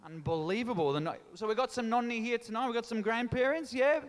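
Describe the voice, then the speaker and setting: High-voiced comic working a hall crowd. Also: male voice, quick pace. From Australia. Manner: teasing, chatty crowd work with Italian phrases. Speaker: stand-up comedian and MC. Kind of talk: live stand-up comedy to a crowd. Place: large town hall stage. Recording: long reverb of a hall.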